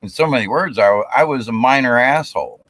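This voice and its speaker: A man's voice: medium pitch, expressive, brisk, fairly bright tone, no echo. A man giving a casual spiritual talk, rambling with restarts and acting out quotes of himself and others.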